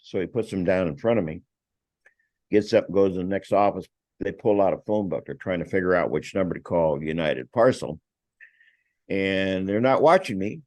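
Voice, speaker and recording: An older man with a very low voice tells a lively anecdote as a podcast guest and acts out the other people in it. He swears freely. The sound is close and dry. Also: moderate pace, dry recording. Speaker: guest, vineyard owner. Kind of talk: casual anecdote telling.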